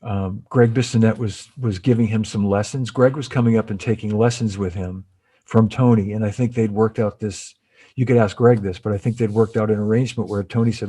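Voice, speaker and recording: A man's voice: on the low side, steady tone, fairly quick, warm tone, breathy edge. A middle-aged man being interviewed as a guest, telling long stories with many restarts and asides. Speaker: interview guest, former cymbal company artist relations. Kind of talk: casual interview storytelling.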